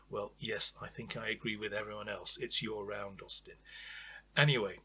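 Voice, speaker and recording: A man's voice: on the low side, fairly even intonation, normal speed, sharp tone, husky. A man casually reviewing an odd old comedy record, chatty and wry, with lots of ums and uhs.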